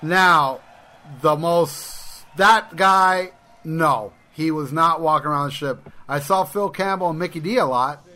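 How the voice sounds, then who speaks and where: Male podcast co-host, bright tone, rambling casual storyteller. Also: on the high side, a little slow. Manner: rambling anecdotes with restarts and profanity.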